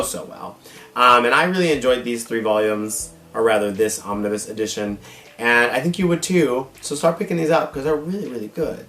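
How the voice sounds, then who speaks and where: A man's voice: medium pitch, fairly bright tone. Gushing man with a tiring voice. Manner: gushing, dramatic, calls viewers y'all and baby. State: voice wearing out, strained. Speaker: drag queen manga collector, channel host. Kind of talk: casual manga haul vlog. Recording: echoey room with faint guitar music. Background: faint guitar music.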